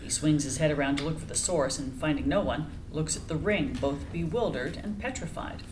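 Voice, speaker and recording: A woman narrating the action lines of a screenplay reading in an even, descriptive way. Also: sits low, fairly quick, slight background noise, rough recording.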